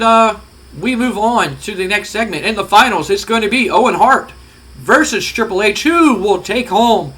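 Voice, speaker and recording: Bright, high-voiced man recapping a game. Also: rough recording. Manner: rambling, profane, conversational. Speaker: let's play host. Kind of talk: casual game commentary.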